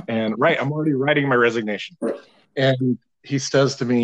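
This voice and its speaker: A man in his thirties telling a long, animated, profane story in casual podcast chat, laughing now and then. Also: mid-range voice, fairly quick, muffled recording.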